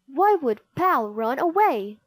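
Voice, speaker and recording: A woman's voice: high voice, very animated, slow pace, dry recording, studio quality, full character voice. A woman voicing a kind, worried young boy in a read-aloud storybook. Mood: earnest. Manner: earnest, anxious calling.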